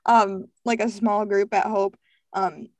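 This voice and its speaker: A young woman, a podcast co-host and daughter, chatting casually and telling quick stories. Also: medium pitch, dry recording. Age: young adult. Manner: quick, lively, laughing storyteller. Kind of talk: casual family chat.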